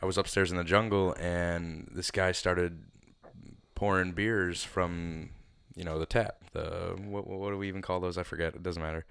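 Young man, very low voice, restarts a lot, animated profane retelling, dry. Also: moderate pace, creaky, clean tone, dry recording. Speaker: podcast co-host, bartender. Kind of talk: casual chat.

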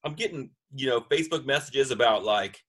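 A man's voice: medium pitch, a little fast, fairly bright tone. A man co-hosting a casual podcast chat, rambling and trailing off mid-sentence. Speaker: podcast co-host.

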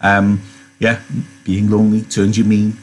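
A man's voice: lowish voice, completely flat delivery, unhurried, breathy edge. A man teaching, reading a novel aloud and chatting about it with rhetorical questions.

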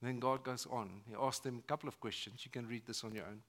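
A man preaching a sermon at a church service, moving between loud emphatic lines and hushed ones. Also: mid-range voice, steady tone, fast. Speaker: pastor.

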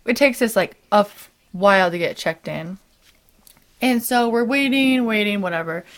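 A woman's voice: mid-range voice, animated, normal speed. A young woman co-hosting a comedy podcast, chatting casually and teasing her friend with dramatic exaggeration. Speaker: podcast co-host.

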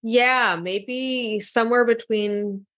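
Woman comic as a guest, kinda high voice, dry and pokes fun at herself. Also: fairly even intonation, takes it slowly, fairly bright tone. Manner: wry, self-mocking. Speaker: comedian and podcast host, guest. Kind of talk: casual interview chat.

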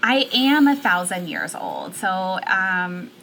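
Lively chatty woman, bright voice. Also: medium pitch, slow, creaky, slight background noise. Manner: animated, laughing storyteller with many fillers. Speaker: guest. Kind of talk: casual chat.

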